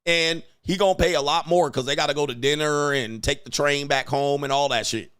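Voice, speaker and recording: A man hosting a show, giving loud, crude, mocking commentary on video clips and laughing often. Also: on the high side, a little fast, clean tone, no room sound, clean studio sound. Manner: brash and mocking, laughs often, mimics voices. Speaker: host.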